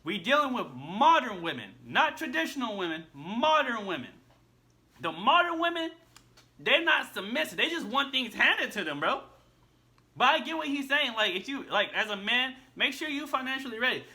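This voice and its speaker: High, bright-voiced man reacting bluntly. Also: very animated, normal speed. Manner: blunt, repeats himself, slangy with "bro". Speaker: reaction video host. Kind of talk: casual reaction commentary.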